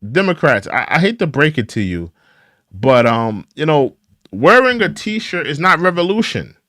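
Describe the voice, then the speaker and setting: A political commentary host runs a reaction show, scolding the clips he plays and often repeating himself. His voice is a little high and sing-song, a bit bright, at a moderate pace, in clean studio sound with no echo.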